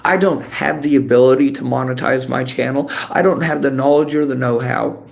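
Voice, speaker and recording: A man's voice: mid-range voice, a little fast, gravelly. A man streaming from a library, reading chat comments aloud and answering them in a bitter, profane, lecturing rant. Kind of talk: angry livestream rant.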